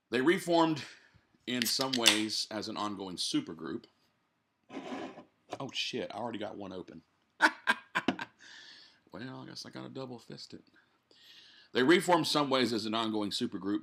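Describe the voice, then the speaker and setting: Deep-voiced man reading news, blunt asides. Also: a bit bright. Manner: blunt, swears freely, drinks while talking. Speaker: podcast host. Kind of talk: reading a news article aloud with casual asides. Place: home living room.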